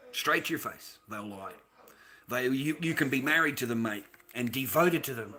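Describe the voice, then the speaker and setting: A man's voice: medium pitch, bright, forceful tone. A middle-aged man with an Australian accent, ranting bluntly and profanely on his livestream, often restarting his sentences. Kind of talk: casual livestream rant.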